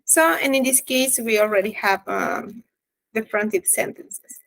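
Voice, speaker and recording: Higher-voiced woman presenting grammar to class. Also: unhurried, fairly bright tone, rough recording. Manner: reads definitions and examples aloud with fillers. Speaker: student presenter.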